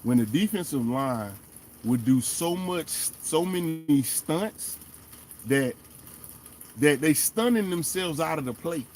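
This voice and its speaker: A man hosting a fan show, giving animated, emphatic casual commentary and talking straight to the players. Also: on the high side, slow, slight background noise. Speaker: sports fan show host.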